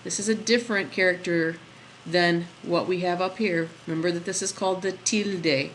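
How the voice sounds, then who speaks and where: A woman with a slightly low voice walks a class through a slide lesson, patient and step by step. She stops now and then to ask the students questions. A faint hiss of background noise sits under her voice. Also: steady tone, moderate pace, rough recording. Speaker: Spanish teacher.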